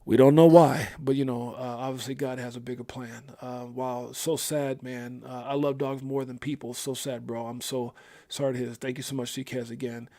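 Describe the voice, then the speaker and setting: A man's voice: mid-range voice, little pitch movement, mellow. Grieving man hosting a livestream. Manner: halting, many fillers and restarts; reads viewer comments aloud. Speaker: livestream host. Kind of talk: casual livestream chat.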